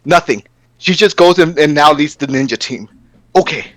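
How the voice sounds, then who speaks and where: Profane, animated man ranting. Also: a little high, moderate pace. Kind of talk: casual rant.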